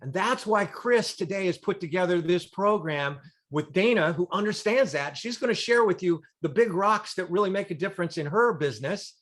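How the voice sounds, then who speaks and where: A man's voice: high voice, expressive, moderate pace, a bit bright. A man giving a motivational talk on a group call, telling a story with dramatic, emphatic repetition. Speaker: motivational speaker. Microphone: video call.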